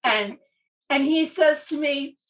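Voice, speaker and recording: Podcast co-host, woman, high, crisp voice, a bit off-mic, animated storyteller who laughs through her lines. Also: slow pace, far from the mic. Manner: lively storyteller, often laughing mid-sentence. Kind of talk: casual storytelling chat.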